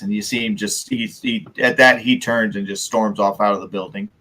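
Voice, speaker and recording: A man narrating as game master of a tabletop game, halting often and restarting his sentences. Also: on the low side, steady tone, bright, forceful tone, poor audio.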